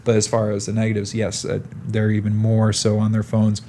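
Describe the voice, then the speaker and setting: A young adult man hosting a podcast interview, telling anecdotes in an animated, casual way. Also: fairly low pitch, fairly quick, slight background noise. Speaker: podcast host.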